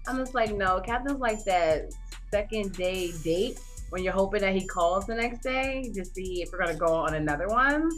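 Sassy woman telling a story, lively voice. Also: medium pitch, normal speed, faint music behind. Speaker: podcast co-host. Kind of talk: casual chat. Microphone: studio microphone.

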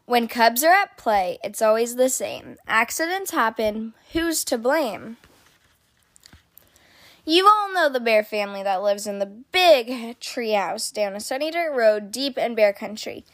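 Expressive woman reading a storybook. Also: on the high side, measured pace, dry recording, clean studio sound. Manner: expressive, sing-song storytelling. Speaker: storybook reader. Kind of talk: reading a children's picture book aloud.

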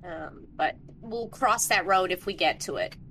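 Bright-voiced woman player. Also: fairly low pitch, unhurried, slight background noise, poor audio. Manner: playful, decisive, laughs often. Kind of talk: casual tabletop game chat.

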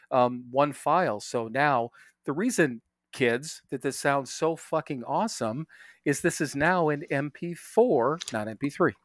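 Casting: mid-pitched male podcast host, excitable and profane, laughs a lot, very dry close sound. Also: no room sound. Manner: excitable, laughs often, swears casually. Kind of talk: casual chat.

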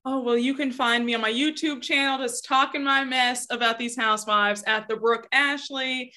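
Woman, high voice, bright tone, chatty podcast guest. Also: steady tone. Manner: agreeable, chatty, quick to back up the host. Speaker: guest, YouTuber. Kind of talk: casual chat.

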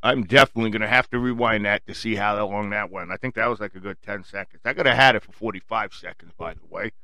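A man's voice: fairly low pitch, quick pace, bright, forceful tone. A man hosting a show, talking to his listeners in a chatty, rambling, self-amused monologue. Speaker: show host.

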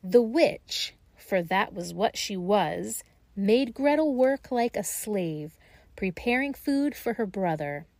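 Slow, gentle woman reading a storybook. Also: medium pitch, no room sound. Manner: slow, gentle, expressive read-aloud.

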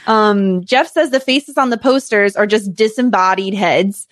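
A woman's voice: mid-range voice, a little slow, no room sound. A woman on a podcast casually recapping scenes, with many fillers and small laughs. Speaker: podcast host recapping episodes. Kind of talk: casual chat.

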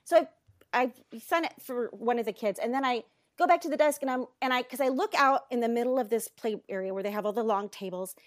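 A woman in her thirties telling a story in casual chat, animated and exasperated, swearing and cutting herself off. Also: on the high side, fast, no echo, studio quality.

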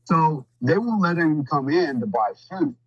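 A man with a fairly high, husky voice chats as a podcast guest, rambling through stories with blunt, profane asides. His delivery is loose and full of fillers. The audio is a little dull and dry. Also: very animated, normal speed, dry recording. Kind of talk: casual storytelling.

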